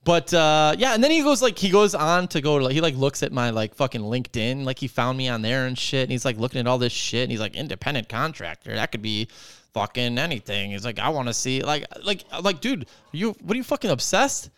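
Speaking briskly with few pauses, a male podcast host delivers an animated, profane rant packed with fillers and swearing. His mid-range voice is clear and resonant. There's no room sound, just clean studio audio.

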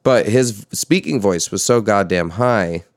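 A young man in casual chat about music, talking loosely with swearing and jumping up in pitch when he quotes himself. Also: unhurried, no echo, clean studio sound.

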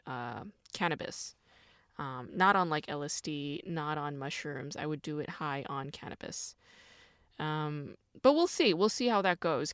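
A woman's voice: deep voice, no echo, clean studio sound. A woman hosting a podcast, talking alone in a rambling, self-mocking way with lots of fillers. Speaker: podcast host. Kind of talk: casual solo chat.

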